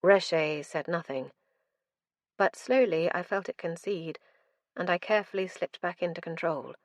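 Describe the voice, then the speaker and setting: A woman narrating a dark fantasy audiobook in the first person, with a tense, dramatic delivery. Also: on the low side, measured pace, no room sound.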